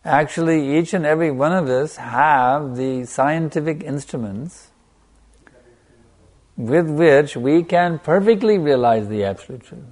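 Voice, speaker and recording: A man giving a sermon as a spiritual teacher, stressing points by repetition and letting a soft "you see" trail off after them. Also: fairly high pitch, a little slow. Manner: emphatic, repeating phrases for stress.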